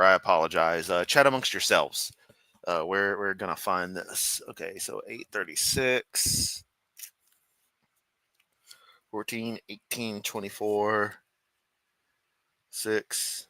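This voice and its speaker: A man from the United States hosting a reaction stream from his room at home. He is sarcastic, rambling and constantly profane. His lowish voice has a bright, forceful edge, and the sound is dry and close. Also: no room sound. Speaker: streamer host. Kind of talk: casual reaction commentary.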